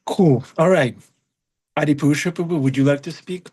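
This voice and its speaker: A man's voice: fairly high pitch, moderate pace, a little mellow, husky. A man leading a class discussion, easygoing and joking. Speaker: class leader.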